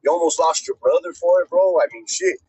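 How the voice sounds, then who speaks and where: Husky-voiced man in street-slang livestream talk. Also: a little high, a little fast, mellow, no room sound, poor audio. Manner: streetwise slang, earnest, addresses viewers as bro. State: emotional, choked up. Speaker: streamer.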